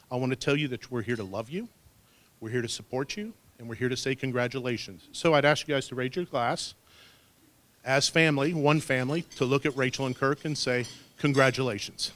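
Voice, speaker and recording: A man's voice: mid-range voice, fairly quick, fairly bright tone. A man in his fifties giving a wedding toast as father of the bride, folksy and peppering his lines with "okay?", speaking into a handheld mic at a reception. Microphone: handheld microphone.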